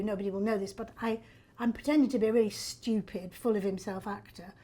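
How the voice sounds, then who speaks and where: An older woman, a stage actor telling backstage stories in a lively, self-deprecating way with frequent laughs. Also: medium pitch, fairly quick, husky. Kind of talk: backstage storytelling. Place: theatre backstage.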